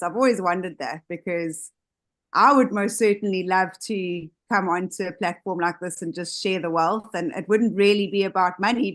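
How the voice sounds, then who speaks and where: A woman giving an earnest, idealistic speech about community on a video call, speaking slowly and deliberately. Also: on the low side. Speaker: community leader.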